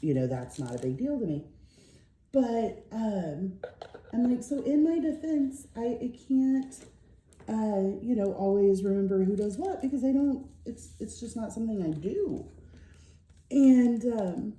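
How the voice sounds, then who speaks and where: A woman's voice: fairly high pitch, animated, a little slow, mellow, roomy sound. A middle-aged woman vlogger telling a rambling story while crafting, tired and yawning, with lots of fillers. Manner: rambling, chatty, with many fillers.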